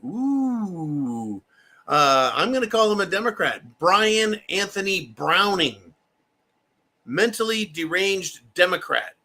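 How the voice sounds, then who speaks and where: American male commentator, fairly high voice, mocking and profane, delivers solo political rants. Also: bright, forceful tone.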